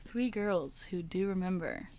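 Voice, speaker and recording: A young woman hosting a podcast in casual chat with friends, giggly and joking, often trailing off quietly. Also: lowish voice, expressive, unhurried, a little hiss or hum. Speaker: podcast host.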